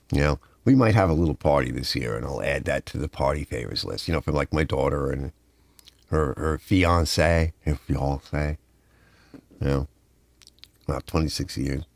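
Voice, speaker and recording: An older man hosting a live stream from his garage, chatting casually and telling rambling, animated stories. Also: very deep voice, vocal fry, dry recording. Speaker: livestream host. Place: home garage.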